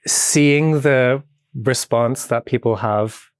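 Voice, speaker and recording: A man with a British accent, chatting as a podcast guest in an animated, playful way. He laughs often and fills his talk with casual filler words. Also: medium pitch, takes it slowly, clean tone, no room sound, clean studio sound. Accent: British English. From Britain. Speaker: podcast guest, movement artist. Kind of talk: casual chat.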